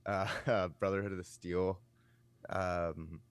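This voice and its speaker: A man with a low voice co-hosting a podcast, chatting casually and laughing often. He eagerly eggs the others on, and the sound is dry and close. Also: level tone, slow pace, clear, resonant tone, no echo. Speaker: podcast co-host. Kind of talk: casual chat.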